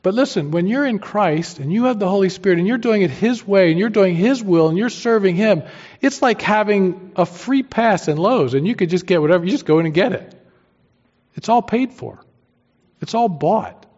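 A man's voice: high voice, animated, moderate pace, a little mellow. A man preaching a sermon as pastor, emphatic and using homely everyday analogies. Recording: dull lo-fi sermon recording.

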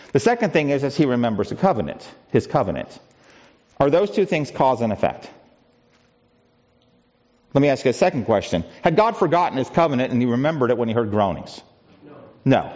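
A man's voice: mid-range voice, a little mellow, dull audio. A pastor preaching a conversational sermon, asking the congregation rhetorical questions and often restarting his sentences. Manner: frequent restarts and filler words.

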